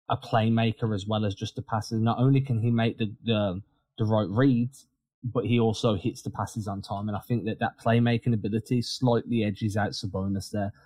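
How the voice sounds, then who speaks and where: A man co-hosting a casual sports podcast, talking in an animated, quick way with frequent restarts. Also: lowish voice, dry recording. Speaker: podcast co-host.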